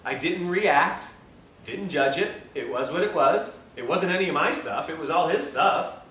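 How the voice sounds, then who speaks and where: Animated man lecturing in an echoey room. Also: fairly high pitch, normal speed. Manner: animated, acts out dialogue in stories, laughs often. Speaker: health lecturer. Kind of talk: storytelling lecture to a live class. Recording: echoey lecture room, distant mic, faint hiss.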